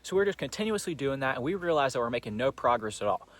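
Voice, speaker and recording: Brief: young guy, quick casual storytelling, rambling and profane, everyday mid-range voice. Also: mid-range voice, big pitch swings. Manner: rambling, profane, full of fillers.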